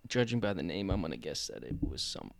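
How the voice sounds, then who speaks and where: Laid-back low-voiced podcast host. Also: male voice, sing-song, quick pace, gravelly. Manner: laid-back, swears casually. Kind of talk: casual chat.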